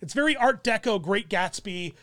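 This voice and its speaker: A man's voice: high voice, animated, normal speed, bright, forceful tone, no echo, studio quality. A young man telling a rambling story in casual chat, full of fillers and restarts. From German descent.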